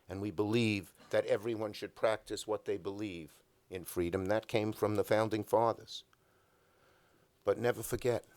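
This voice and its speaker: A man's voice: fairly low pitch, darkish tone. An older man, an elected official, giving an emphatic speech at a breakfast event, telling stories and stacking up repeated phrases at a podium microphone.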